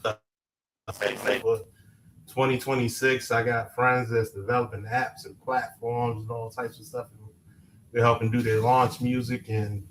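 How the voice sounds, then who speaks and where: A man from Harlem with a New York accent, a musician being interviewed, laid-back and quick to laugh. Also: medium pitch, steady tone, a bit bright, a little hiss or hum, low-quality recording. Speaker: guest, musician and producer. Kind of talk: casual interview.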